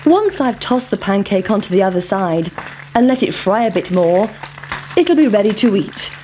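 A woman's voice: mid-range voice, big pitch swings, normal speed, darkish tone, a little hiss or hum, lightly acted. A woman voicing a practical, motherly farmer's wife in a storybook reading, in a plain, matter-of-fact voice.

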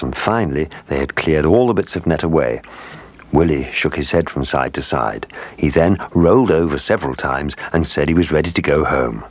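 A man narrating a children's story with expressive storytelling. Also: very deep voice, no echo.

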